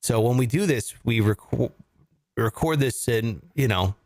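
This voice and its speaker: A man's voice: mid-range voice, expressive, measured pace, darkish tone. A man hosting a casual comedy podcast from home, joking and laughing through playful rants. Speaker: podcast host. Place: home studio.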